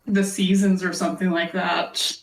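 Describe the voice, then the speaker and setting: A woman's voice: lowish voice, level tone, moderate pace. A woman playing a tabletop game, chatting casually and laughing often. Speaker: player. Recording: roomy, distant mic with faint noise.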